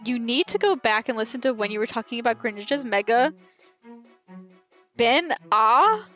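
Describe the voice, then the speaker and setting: A woman's voice: fairly high pitch, expressive, normal speed, bright, forceful tone, soft background music. Giggly Southern woman streamer in her twenties. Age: 20s. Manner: giggly, chatty, talks straight to chat. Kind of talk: casual live-stream chat.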